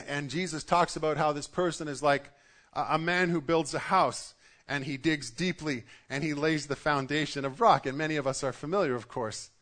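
A man's voice: on the high side, fairly bright tone. A middle-aged man preaching a sermon to his congregation in a conversational way, often restarting his sentences. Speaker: pastor.

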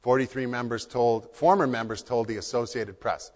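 A man's voice: mid-range voice, moderate pace. A man preaching as a pastor in church, earnest and repeating key phrases for emphasis. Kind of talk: sermon. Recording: long hall reverb.

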